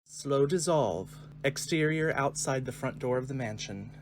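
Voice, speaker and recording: A man narrating the stage directions of a screenplay reading in a clear, measured way. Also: mid-range voice, over music.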